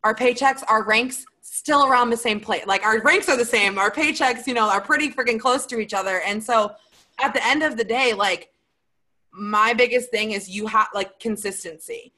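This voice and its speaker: A woman's voice: a little high, normal speed, bright, forceful tone, rough recording. A young woman, a sales team leader talking in a chatty, emphatic way in a motivational Q&A. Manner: chatty and emphatic, full of "like" and "you guys". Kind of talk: motivational Q&A livestream talk.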